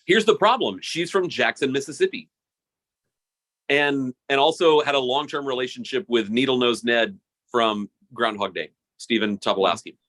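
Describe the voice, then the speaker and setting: A man co-hosting a podcast in casual chat, animated and laughing often, repeating words as he starts sentences. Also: medium pitch, moderate pace. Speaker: podcast co-host.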